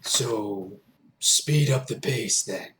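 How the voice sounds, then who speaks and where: Slow, hesitant male player. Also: fairly low pitch, a bit bright. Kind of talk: playing a tabletop game.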